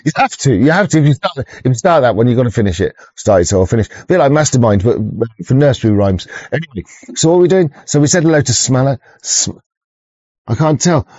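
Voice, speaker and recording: A man's voice: medium pitch, expressive, fast, a little mellow, no room sound, highs cut off. A man hosting a rambling, casual livestream chat, swearing often, stumbling over restarts and chuckling as he greets viewers. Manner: sweary, stop-start, chuckling, greets chatters. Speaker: livestream host.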